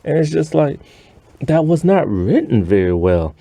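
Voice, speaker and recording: A man's voice: fairly high pitch, very animated, unhurried, warm tone, no room sound. A man ranting in an exasperated, rambling way about a TV episode, sighing often. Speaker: show reviewer. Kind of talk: ranting TV review.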